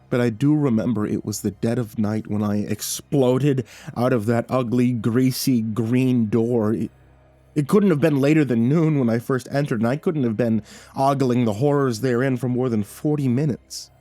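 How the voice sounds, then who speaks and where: Male horror narrator with a warm, dark tone; reads slowly and dramatically over quiet music. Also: medium pitch, no echo. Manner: measured and dramatic, with nervous stammered repeats. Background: faint background music.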